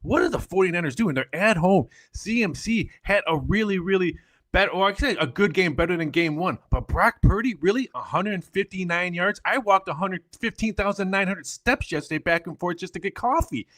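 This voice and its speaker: A man on a sports talk show telling a story in an exasperated, animated way. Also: high-pitched, fairly quick, dry recording. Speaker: show panelist.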